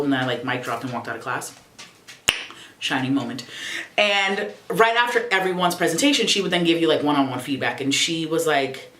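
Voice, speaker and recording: A young adult woman vlogging casually at home, expressive, profane and sassy. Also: low-pitched, fairly quick, reverberant. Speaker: YouTuber. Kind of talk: casual reflective vlog.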